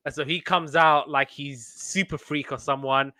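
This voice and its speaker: With a fairly high, steady voice that sounds pushed and bright, a young man recaps a sitcom episode for his TV review podcast. The retelling is loose and chatty, stuffed with fillers and quick laughs, and there's no echo.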